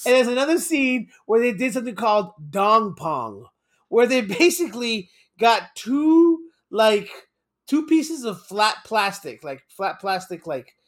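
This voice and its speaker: High-voiced man telling stories animatedly. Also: measured pace. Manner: animated storyteller, laughs often, swears casually. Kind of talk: casual chat.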